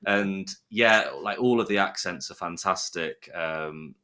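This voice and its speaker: Bright-voiced, low-pitched British man. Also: a little slow, clear, resonant tone. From United Kingdom. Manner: enthusiastic, rambling with restarts. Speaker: podcast guest. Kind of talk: casual podcast chat.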